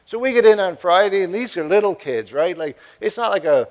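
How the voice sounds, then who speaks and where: A man's voice: high voice, lively intonation, a little fast. Middle-aged man telling funny stories. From East Coast. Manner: anecdotal, humorous, acts out quoted voices. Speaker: keynote speaker. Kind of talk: storytelling speech. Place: convocation hall.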